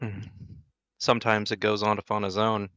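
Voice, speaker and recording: A man's voice: on the low side, little pitch movement, moderate pace, a bit bright, clean tone, dry recording, lo-fi sound. A man joking and chatting casually while playing a video game with a friend. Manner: joking, laughs easily. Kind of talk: casual gaming chat.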